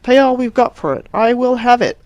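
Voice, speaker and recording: An imperious upper-class English mother, clipped and commanding, her voice climbing high when she presses her point, as a woman reading the book puts her on. The sound is close and dry, with no room around it. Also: lively intonation, brisk, darkish tone, no room sound, dull audio, lightly acted. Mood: insistent.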